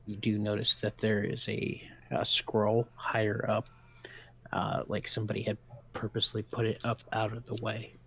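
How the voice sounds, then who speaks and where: A man narrating as dungeon master of a tabletop game, describing scenes in a relaxed, halting way. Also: on the low side, gravelly.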